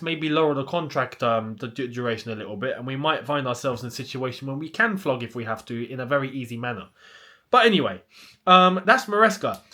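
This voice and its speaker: Man, young adult, channel host, fast rhetorical questions, highish lively voice. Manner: animated, ranting, rhetorical questions. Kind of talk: casual chat.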